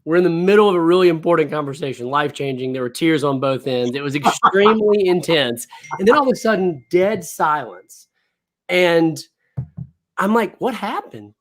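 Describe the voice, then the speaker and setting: Lively laughing woman telling a story. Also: low-pitched, moderate pace. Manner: animated, laughs often while telling a story. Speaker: podcast co-host. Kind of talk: casual chat, storytelling.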